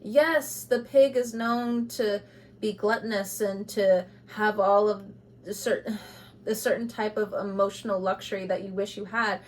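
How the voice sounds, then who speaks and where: A woman giving an intuitive tarot reading to camera, speaking bluntly and with passion, moving between loud urging and quiet asides, with laughs between points. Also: medium pitch, moderate pace, slight background noise. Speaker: tarot reader.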